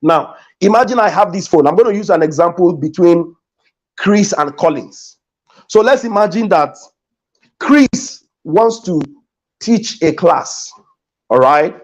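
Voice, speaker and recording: A man's voice: high-pitched, lively intonation, measured pace. A man with a Nigerian English accent giving an emphatic, preacher-like motivational talk as a guest business coach in a studio, repeating his key phrases. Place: podcast studio.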